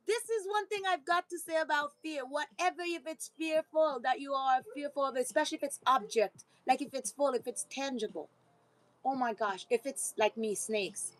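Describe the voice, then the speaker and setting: A woman's voice: high voice, moderate pace, poor audio. A woman vlogger giving a rambling, casual motivational talk, with frequent laughter and preachy asides.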